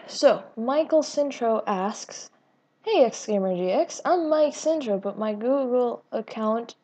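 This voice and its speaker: A woman's voice: a little high, mellow, slightly rough. A woman hosting a casual Q&A vlog on her gaming channel, chatty and rambling with lots of fillers and restarts, self-deprecating and giggly. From Latina, grown up in the US. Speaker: YouTube gaming channel host.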